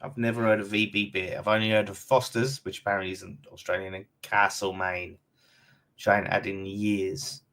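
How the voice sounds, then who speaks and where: A man's voice: on the low side, little pitch movement, moderate pace, a bit bright. A man with an Essex accent hosting a casual fan live stream, reading out viewer comments in a blunt, chatty way and calling everyone mate. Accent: London and Essex.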